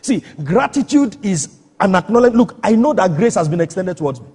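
A man's voice: high-pitched, sing-song, fast talker, a little mellow, husky. A man preaching a sermon, emphatic, often asking his listeners whether they understand. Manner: emphatic, rhetorical questions to the congregation. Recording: echoey hall reverb.

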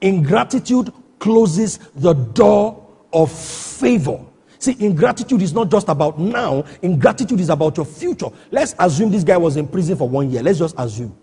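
A man's voice: fairly high pitch, expressive, fast talker, hardly any pauses, a little mellow, husky. A man preaching a sermon, emphatic, often asking his listeners whether they understand. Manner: emphatic, rhetorical questions to the congregation. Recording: echoey hall reverb.

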